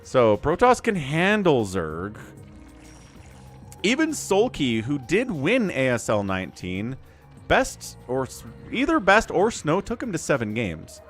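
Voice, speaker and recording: Brief: male streamer-caster, animated pitch, chatty, bursts of excited play-by-play, faint music behind. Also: unhurried. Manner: chatty, turns to excited play-by-play during fights. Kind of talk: live-stream game commentary and chat with viewers.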